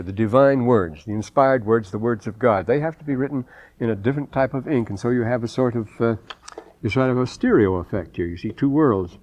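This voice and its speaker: A man with a mid-range, slightly mellow voice gives a wry, digressive scripture lecture, recorded with no room sound and dull audio. He quotes old texts, German and Shakespeare freely, often restarting sentences and repeating words.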